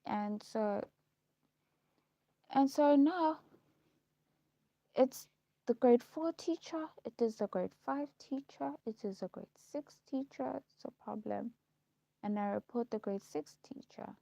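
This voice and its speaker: Woman recounting school memories, gravelly. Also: fairly high pitch, slow, pauses often, dark tone, no room sound. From South Africa. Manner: repetitive, listing recollections with frequent ums. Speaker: vlogger. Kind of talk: personal storytelling. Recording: dull lo-fi recording.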